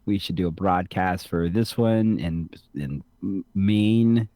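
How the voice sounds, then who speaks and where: A man with a fairly low voice co-hosting a podcast, playful and quick to laugh. His voice sounds dry and close, with no room around it. He talks casually and riffs on his co-host's jokes. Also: dark tone, no room sound. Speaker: podcast co-host. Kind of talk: casual chat.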